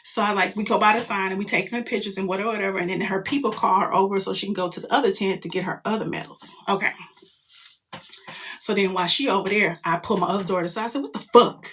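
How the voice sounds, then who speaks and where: A middle-aged woman, a mother, telling a story in casual chat, animated and profane, jumping into loud quoted outbursts. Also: mid-range voice, fast talker, a little hiss or hum.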